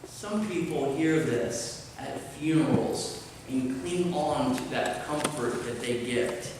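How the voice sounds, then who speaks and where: A man preaching a sermon, slow and deliberate with pauses, in a church sanctuary. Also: mid-range voice, background noise. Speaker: pastor. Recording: roomy church hall, mic at a distance, faint ambience.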